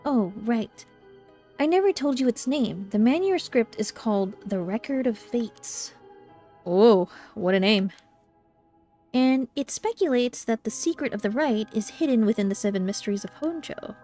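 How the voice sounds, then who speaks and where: A woman's voice: fairly high pitch, lively intonation, moderate pace, warm tone, faint music behind. A woman streamer reading game dialogue aloud and reacting, easily frightened and jumpy. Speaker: streamer playing a horror visual novel.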